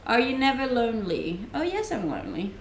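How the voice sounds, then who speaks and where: A woman's voice: a little high, sing-song, brisk, slight background noise. Chatty Danish-accented woman streamer. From Denmark. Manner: chatty, reads chat questions aloud and answers, laughs often. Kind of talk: casual live-stream chat. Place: room at home, streaming. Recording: roomy home-mic sound.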